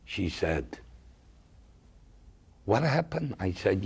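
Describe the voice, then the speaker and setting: A man's voice: medium pitch, gravelly. A middle-aged man, a consumer advocate telling emphatic stories on a talk show. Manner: slow, emphatic, lively storyteller. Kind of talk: storytelling talk-show chat.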